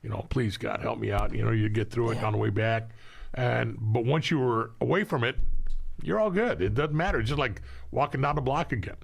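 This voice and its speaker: Older veteran, gravelly voice, reflective and laughing storyteller. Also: male voice, medium pitch, fairly quick. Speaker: podcast guest, veteran. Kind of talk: casual storytelling.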